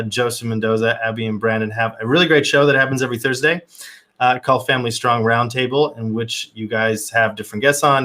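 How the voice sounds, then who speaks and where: A man's voice: medium pitch, bright, forceful tone. A man hosting a live stream, upbeat and casual, with lots of fillers as he greets viewers by name. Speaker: host. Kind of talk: livestream welcome, casual chat.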